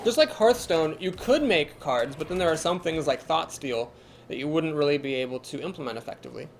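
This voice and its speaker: A young man with an easy Midwestern accent talks through his card game moves on a live stream, reading chat and chuckling along. His voice sits a bit high and swings up and down with a lively lilt. A faint hiss runs beneath the recording. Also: fairly quick, vocal fry. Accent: Midwestern American. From Ohio, USA. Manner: chatty, thinks aloud, reads chat comments and laughs easily. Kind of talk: live gameplay commentary.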